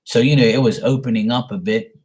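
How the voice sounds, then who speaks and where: A man's voice: medium pitch, fairly quick, a little mellow. A man hosting a psychic livestream, talking bluntly and rambling, with plenty of swearing. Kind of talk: casual livestream talk.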